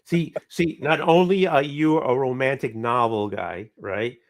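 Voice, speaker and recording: Male stream host, mid-pitched, teasing and encouraging, choppy restarts, dry sound. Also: a little slow, no echo. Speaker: show host. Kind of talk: casual live-stream chat.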